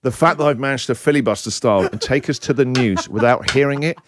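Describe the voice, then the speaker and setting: A man's voice: mid-range voice, fast talker, background noise. A man hosting a radio breakfast show, teasing callers and joking through playful studio banter. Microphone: studio microphone.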